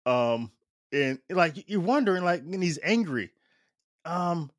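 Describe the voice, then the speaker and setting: A man's voice: sits high, animated, slow pace, long pauses, no echo, studio quality. A man preaching a casual, conversational homily, often checking in with his listeners and using plenty of fillers. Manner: chatty, keeps asking "right?" with fillers and laughs.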